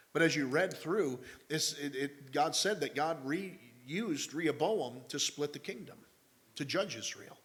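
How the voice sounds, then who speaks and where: A man's voice: fairly high pitch, a bit bright. A man in his forties preaching a sermon as pastor, telling stories and numbering his points with folksy asides.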